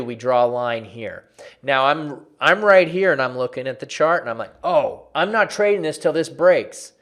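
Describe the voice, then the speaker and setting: A man walking viewers through trading charts in a lively, conversational lesson, often repeating phrases for emphasis. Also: a little high. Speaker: trading educator.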